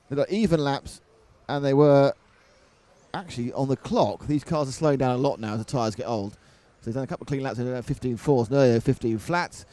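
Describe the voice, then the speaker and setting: A man's voice: mid-range voice, mellow. A man commentating live on a model car race, mixing race calls with jokey banter.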